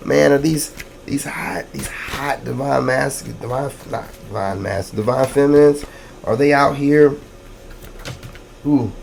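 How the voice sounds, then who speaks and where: A man giving a casual tarot reading to his viewers, excitable and slangy, repeating catchphrases and calling out to the audience. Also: mid-range voice, creaky, slight background noise. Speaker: tarot reader.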